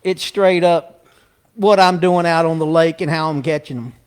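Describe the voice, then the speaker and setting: High-voiced man cracking jokes. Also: steady tone, moderate pace, smooth. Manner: laid-back, wisecracking. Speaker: guest angler and bait maker. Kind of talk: casual chat.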